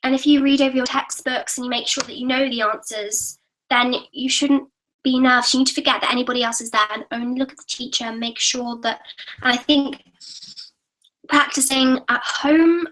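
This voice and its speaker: A teenage girl, hosting a live-stream Q&A where she reads viewer comments aloud. Her voice sits high and bright. She talks in a chatty, bubbly way and apologizes often. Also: slight background noise, low-quality recording. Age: teens. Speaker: YouTube host.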